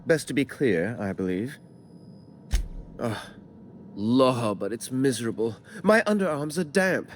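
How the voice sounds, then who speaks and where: An actor playing a prim, self-pitying corporate official in a video game, speaking in clipped, theatrical formal diction. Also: male voice, mid-range voice, lively intonation, a little slow, pauses often, slight background noise, lightly acted. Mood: fussy. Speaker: corporate board representative. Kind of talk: video game character dialogue.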